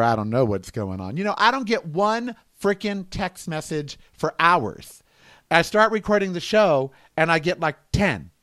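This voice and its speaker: A middle-aged man holds forth on his solo podcast in a sassy, exasperated rant, his high voice swooping through a wide, lively range. The sound is dry and close, with no room around it. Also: dry recording. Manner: sassy, exasperated ranting with rhetorical questions. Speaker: podcast host.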